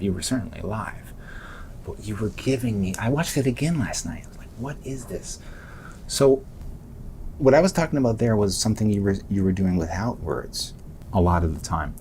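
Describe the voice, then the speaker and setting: A man with a somewhat low voice hosts a podcast interview. He gushes and rambles, interrupting his own sentences. A faint rumble runs beneath the recording. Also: darkish tone. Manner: effusive, rambling, self-interrupting. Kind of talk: enthusiastic interview talk.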